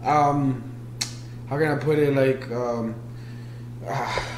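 A man's voice: medium pitch, steady tone, takes it slowly, roomy sound, slight background noise, low-quality recording. A young man co-hosting a podcast in casual chat, loose and swearing as he reflects on his life. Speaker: podcast co-host.

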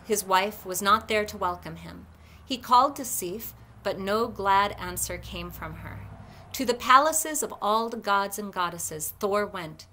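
Brief: library storyteller, woman, measured expressive read-aloud. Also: medium pitch.

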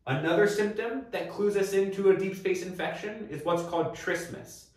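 Male medical lecturer, slightly high voice, methodical and clear, distant mic in a very echoey room. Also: normal speed. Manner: clear, methodical teaching with rhetorical prompts. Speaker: medical educator.

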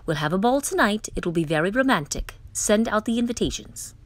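A woman voicing an impatient old king who booms out his decrees. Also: expressive, brisk, lightly acted. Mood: blustering. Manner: loud, impatient declarations.

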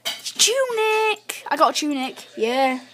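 Woman gamer, high voice, unhurried chatty self-commentary with excited yelps. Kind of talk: live gameplay commentary.

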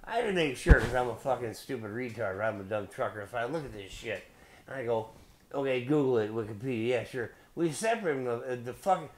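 A man's voice: medium pitch, big pitch swings, fast. Profane rambling Midwestern man. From Belleville, Illinois. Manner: profane, rambling, goes off on tangents; loose, beer-drinking delivery. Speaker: video blogger host. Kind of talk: casual rambling monologue.

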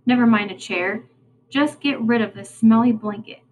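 A woman's voice: on the high side, normal speed, slight background noise, natural voice, low-quality recording. A woman voicing a rude, bossy boy who sneers and snaps orders, reading a storybook aloud. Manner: sneering, sharp-tongued.

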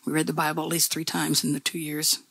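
A woman's voice: low voice, completely flat delivery, quick pace, fairly bright tone, husky, dry recording. A woman pastor preaching a sermon in a conversational, folksy storytelling way, with repeated phrases.

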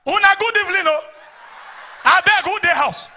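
A comedian puts on a male gang boss with a Nigerian accent who has gone from tough to begging. He speaks loudly and pleadingly in a high, very bright voice. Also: lively intonation, normal speed, a little hiss or hum, exaggerated voice. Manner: begging, wheedling, loud. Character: pleading male armed-robber gang leader.

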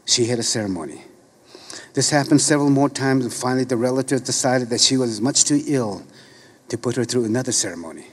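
A middle-aged man reading a story aloud in a slow, measured, solemn way. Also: medium pitch, husky.

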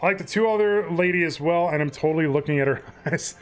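A man's voice: a little high, quick pace, soft background music. A man streaming a game, giving joking, crude commentary and laughing at the dialogue. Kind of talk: casual let's play commentary.

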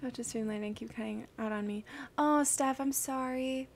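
Young female streamer, slightly high voice, bubbly and gushing, casual livestream chat greeting viewers. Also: steady tone, normal speed. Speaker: streamer solving crosswords.

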